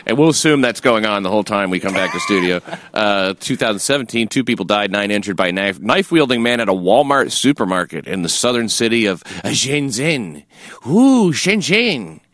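A man's voice: lowish voice, animated, a little fast, few pauses, a bit bright, no echo. A man hosting a podcast, running through news stories with crude, mocking jokes and plenty of filler words. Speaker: podcast host. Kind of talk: crude comedic news talk.

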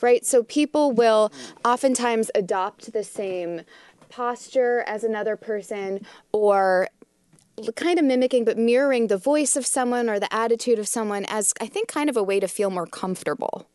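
A woman's voice: a little high, normal speed, a little mellow, smooth, no echo. A woman on a casual panel, explaining a point to her co-hosts.

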